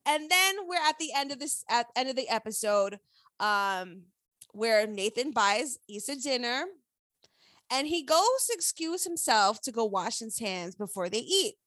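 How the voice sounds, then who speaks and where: High, lively woman chatting, dry sound. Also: a little slow, no room sound. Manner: animated, profane, opinionated. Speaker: co-host recapping a TV episode. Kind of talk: casual chat.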